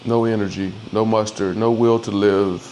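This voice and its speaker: Man, low voice, grieving, halting, candid, swears, faint background hum. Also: level tone, a little mellow. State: grieving, close to tears. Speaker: dog owner telling a personal story. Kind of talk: emotional personal storytelling.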